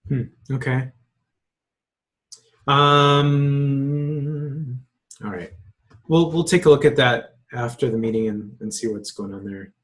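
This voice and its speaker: Man, meeting lead, video call, middle pitch, halting, lots of fillers. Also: a bit bright. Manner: hesitant, many fillers and restarts. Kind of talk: casual online meeting talk.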